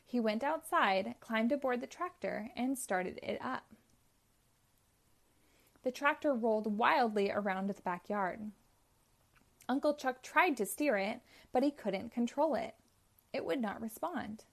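A woman reading a children's chapter book aloud in a slow, clear, expressive way. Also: fairly high pitch. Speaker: storyteller.

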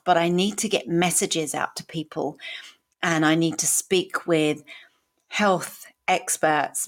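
A woman in her forties hosting a podcast, telling her own story in a candid, emotional way and swearing casually. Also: low voice. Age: 40s. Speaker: podcast host. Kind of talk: personal story monologue.

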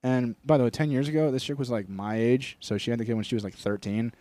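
A man's voice: medium pitch, steady tone, fast, dark tone, no room sound. A young man co-hosting a podcast, telling crude stories in a rambling, joking way. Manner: crude, rambling storytelling with bursts of laughter. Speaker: podcast co-host. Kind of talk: casual chat.

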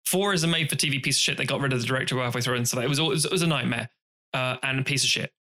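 A man co-hosting a podcast talks films casually and animatedly, swearing and acting out scenes in silly voices. His voice is medium-pitched and he speaks very fast.

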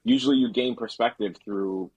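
A man with a very husky, raspy voice pitched on the low side talks as a guest on a podcast. He rambles in a relaxed, easygoing way, leaning on filler words. The recording is dry and close, with no room sound. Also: moderate pace, dry recording, dull audio. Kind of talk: casual podcast chat.

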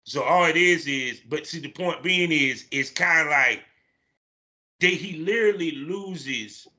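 A man hosting a podcast in casual chat, animated and profane, acting out his own reactions. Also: on the high side, a little slow, highs cut off. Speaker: podcast host.

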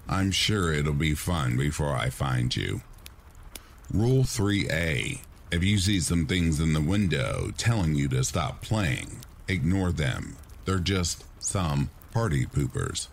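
Deep-voiced man narrating bedtime horror. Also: vocal fry, a little hiss or hum. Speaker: horror story narrator, channel host. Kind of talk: scripted horror narration for sleep.

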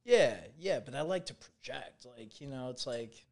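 A man hosting a casual podcast chat, talking loudly and rambling with lots of swearing and filler. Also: mid-range voice, expressive, normal speed, creaky, very noisy. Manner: loud, rambling, swears freely. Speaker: podcast host.

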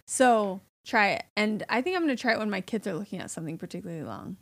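A woman's voice: mid-range voice, expressive, quick pace, vocal fry. A woman in her thirties co-hosting a parenting podcast, talking casually with lots of fillers and laughs. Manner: chatty, filler-heavy, laughs often. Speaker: podcast co-host. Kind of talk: casual chat.

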